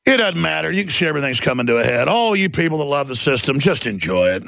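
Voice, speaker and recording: Gravelly ranting man, dry close sound. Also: fairly high pitch, big pitch swings, fast, few pauses, fairly bright tone, no echo. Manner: ranting, mocking, sarcastic put-on voices. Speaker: talk radio host. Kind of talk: ranting monologue.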